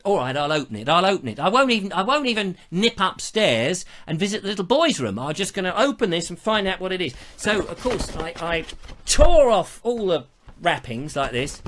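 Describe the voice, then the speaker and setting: Middle-aged man, bright and forceful tone, chatty live-stream host. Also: high-pitched. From England. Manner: chatty, theatrical storytelling with playful asides. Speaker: show host. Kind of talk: casual live-stream chat.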